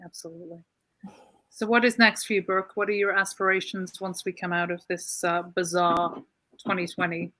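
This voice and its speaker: A woman's voice: on the low side, level tone, moderate pace, bright, forceful tone, dry recording. A woman hosting a casual interview chat, easygoing and opinionated, often saying "you know". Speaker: interview host.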